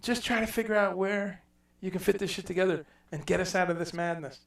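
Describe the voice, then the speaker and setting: Middle-aged male host, loose animated chat, somewhat high voice, roomy echo. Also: brisk, gravelly. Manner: animated, rambling, reads viewer comments aloud. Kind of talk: casual livestream chat. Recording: echoey room, far from mic.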